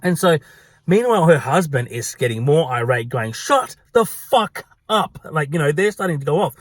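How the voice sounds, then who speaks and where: An Australian man who works at a pub, telling a story in a profane, gossipy, animated way. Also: on the high side, a little fast, dry recording. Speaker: pub worker. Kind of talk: storytelling vlog.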